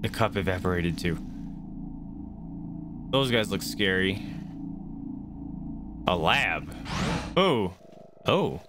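A man's voice: low-pitched, expressive, takes it slowly, long pauses, noisy background. A man streaming a video game, chatting casually and reacting aloud to what happens. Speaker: gaming streamer. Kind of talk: casual let's-play commentary. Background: faint game music.

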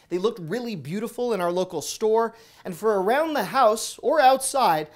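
A man hosting a shopping video, narrating a scripted voice-over in a brisk, upbeat product rundown. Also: high-pitched. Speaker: shopping deals host.

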